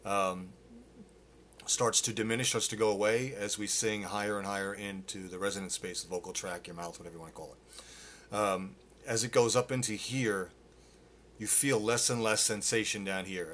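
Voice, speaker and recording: Man, vocal coach, middle-aged, bright tone, casual live-lesson delivery. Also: on the low side, steady tone, normal speed, a little hiss or hum. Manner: casual, explains with demonstrations and filler words.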